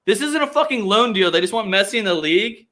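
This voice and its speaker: A man with a fairly high, bright and forceful voice hosts a casual sports podcast. He rants in a profane, sarcastic way. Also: lively intonation, fast. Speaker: podcast host.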